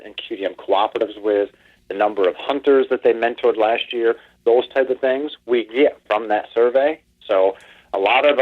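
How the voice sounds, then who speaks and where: A man from Pennsylvania, a guest on a podcast, speaking by phone in a measured way with many ums. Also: fairly low pitch. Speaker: podcast guest, wildlife outreach director. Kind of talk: casual interview talk. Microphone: phone call. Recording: tinny phone line.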